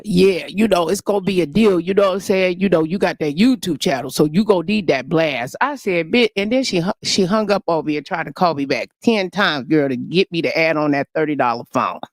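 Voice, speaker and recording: A woman's voice: low-pitched, expressive, fairly quick, hardly any pauses, no echo, studio quality. A woman hosting a casual livestream, talking in a brash, profane, gossipy rant. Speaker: livestream host.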